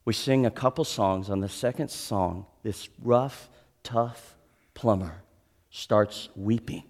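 Animated man preaching a sermon. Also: lowish voice, slow. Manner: animated, swinging from loud to hushed. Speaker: pastor. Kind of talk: sermon storytelling.

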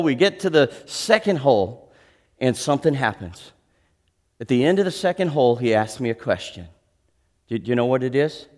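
A pastor preaching a sermon and telling a story in an animated way, swinging from loud to hushed. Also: male voice, mid-range voice.

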